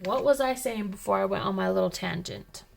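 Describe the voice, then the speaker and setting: A woman's voice: medium pitch, a little fast, vocal fry, noisy background. A woman hosting a coloring video, telling a rambling, chatty story in casual talk. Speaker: coloring channel host. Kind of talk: casual chat while coloring.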